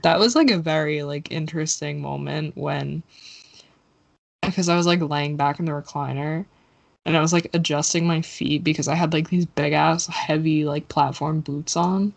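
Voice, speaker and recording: A woman's voice: sits low, fairly even intonation, moderate pace, creaky. A woman in her twenties co-hosting a casual movie podcast, laid-back and wry, laughing often. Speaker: podcast co-host.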